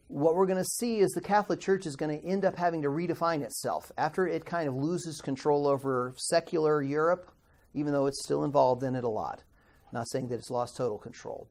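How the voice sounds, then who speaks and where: A man's voice: medium pitch, a little mellow. A middle-aged man teaching a classroom history lecture in a conversational way, asking the class questions and stumbling over hard words. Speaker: Bible institute teacher.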